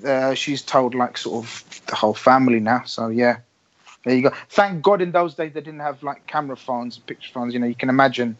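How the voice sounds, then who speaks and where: A man co-hosting a podcast, telling an embarrassing story haltingly in casual chat. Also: medium pitch, muffled recording. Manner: hesitant, halting storytelling with many restarts. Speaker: podcast co-host. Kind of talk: casual banter.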